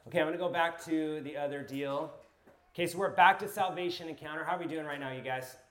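Male pastor, slightly higher voice, energetic teaching sermon, quizzes the audience, tells stories from his own life. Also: quick pace. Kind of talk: sermon-style teaching to a live group.

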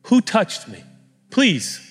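A man voicing Jesus as a gentle, eager adult man, pleading in a raised, tender voice. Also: high-pitched, huge pitch swings, slow, breathy edge, in a large hall, voice pushed up, full character voice.

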